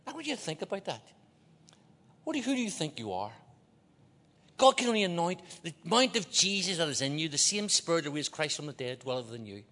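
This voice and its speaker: Older belfast guy preaching hard, voice sits kinda high, gets loud then goes quiet, big echoey church. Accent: Northern Irish, Belfast. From Northern Ireland. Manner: impassioned, swinging from loud exhortation to hushed confession, joking asides. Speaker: visiting preacher. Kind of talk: sermon. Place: large church auditorium. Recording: long hall reverb in a big church.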